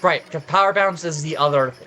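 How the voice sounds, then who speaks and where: A man's voice: fairly high pitch, fairly quick, sharp tone, soft background music. A tired, worn-out man giving casual, rambling gameplay commentary with swearing and frequent restarts. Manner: rambling, swears, self-correcting. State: exhausted, voice worn out. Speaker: let's play commentator.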